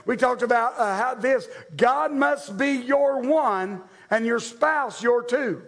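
Male pastor, conversational sermon, self-deprecating jokes, very high voice. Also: slow pace, creaky, a bit bright. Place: church sanctuary, live-streamed.

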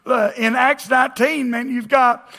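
High, bright-voiced pastor preaching. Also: male voice, steady tone, a little slow, gravelly. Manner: conversational preaching with jokes and audience call-outs. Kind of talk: sermon. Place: church auditorium with congregation.

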